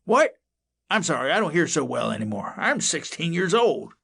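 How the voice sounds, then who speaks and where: A man's voice: a little high, very animated, a little fast, vocal fry, fairly bright tone, breathy edge, voice pushed up, full character voice. A man doing a rambling forgetful old cat. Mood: amused. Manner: rambling, repeats himself, teasing. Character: forgetful chatty old male house cat.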